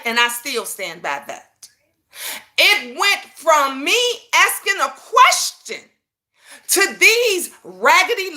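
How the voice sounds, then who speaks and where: High, sharp-voiced woman in her fifties ranting. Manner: profane, emphatic, confrontational, repeats for emphasis; keeps asking viewers if they understand. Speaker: YouTube commentator. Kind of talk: heated personal rant to viewers.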